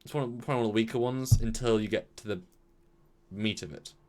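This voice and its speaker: This review show co-host speaks fast in a lowish voice, and the recording carries a little hiss or hum. Chatting casually about the episode, he repeats words and brings quoted lines to life.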